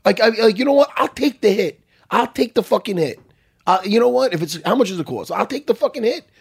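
A middle-aged man telling a story in casual chat, animated and profane, with a husky voice. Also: high-pitched, a little fast.

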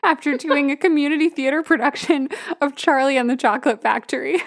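A young woman with a somewhat high voice co-hosts a casual podcast. She walks through a film's plot and breaks into laughter again and again. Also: a little fast. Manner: laughs often while recapping plots. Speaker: podcast co-host. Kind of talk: casual movie review chat.

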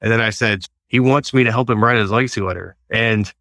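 Gravelly low-voiced man. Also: a little fast, no room sound. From Texas. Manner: earnest, animated storyteller. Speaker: guest. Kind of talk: storytelling interview.

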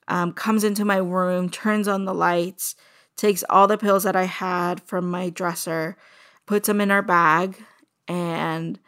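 A woman telling her own story as a personal testimony, soft and halting, with many pauses and fillers. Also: on the low side, vocal fry.

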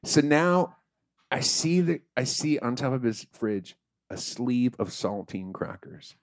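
A man telling a comic story in a loose, profane, animated way, acting out the characters. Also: medium pitch, slow, dry recording, clean studio sound. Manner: profane, animated, acts out voices.

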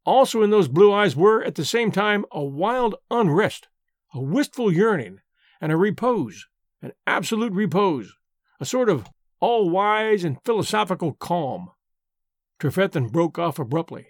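A man narrating a story for an audiobook in a measured, deliberate way. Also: high voice, sing-song, no echo, clean studio sound.

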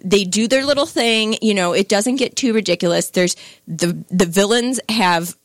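A woman's voice: mid-range voice, normal speed, dry recording. Chatty woman, dry close sound. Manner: chatty, many fillers, playful asides. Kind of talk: casual film discussion.

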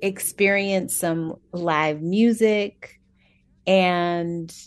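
A woman's voice: fairly low pitch, extremely slow, clean tone. A woman co-hosting a podcast, speaking in a reflective, dreamy way and later reading the show's credits. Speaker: podcast co-host. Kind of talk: casual chat.

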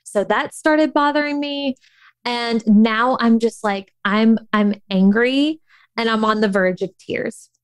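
A woman's voice: fairly high pitch, takes it slowly, clean tone, dry recording. Candid woman in her thirties, rambling story. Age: 30s. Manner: candid, emotional, many fillers and restarts. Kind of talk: casual personal storytelling.

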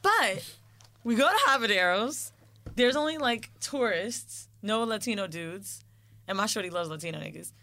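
A woman's voice: medium pitch, moderate pace. A woman co-hosting a casual chat, telling a story with slang and swearing and acting out the people in it. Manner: animated storyteller, acts out quoted people. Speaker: podcast co-host telling a story.

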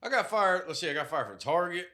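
A young man with a bright, forward voice that sits a little high, chatting casually. He tells profane, animated stories and jumps up in pitch to act out the people he quotes. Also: fast. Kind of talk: casual storytelling chat.

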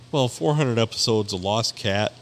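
A man's voice: on the low side, sharp tone, a little hiss or hum. Dry laid-back male co-host. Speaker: podcast co-host. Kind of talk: casual banter.

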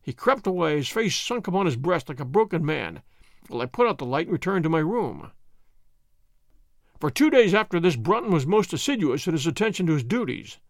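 A man narrates a classic detective tale with lively storytelling. His voice moves animatedly through a fairly high male range. The recording is dry and close. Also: a little fast, no room sound.

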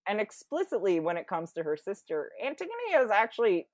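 Give me a young woman casually retelling a Greek tragedy, animated and full of fillers, on a dry recording. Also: medium pitch, brisk, dry recording. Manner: chatty, animated retelling with many fillers and acted-out quotes.

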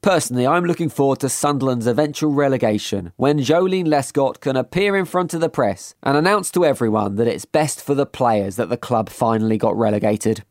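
A man's voice: mid-range voice, darkish tone, no room sound. Wry man hosting comic football news. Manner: dry, wry and quick-witted. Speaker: host.

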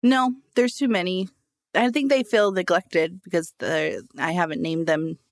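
A woman's voice: fairly low pitch, measured pace, dry recording, studio quality. A woman co-hosting a podcast in casual chat, giggly and prone to rambling tangents. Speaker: podcast co-host.

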